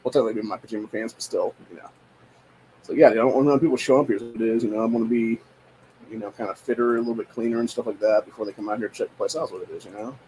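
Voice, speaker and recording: A man's voice: on the low side, steady tone, rapid-fire, mellow, slight background noise. A young man at home, ranting in a casual, profane, exasperated way with lots of repetition. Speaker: podcast host. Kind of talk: casual rant.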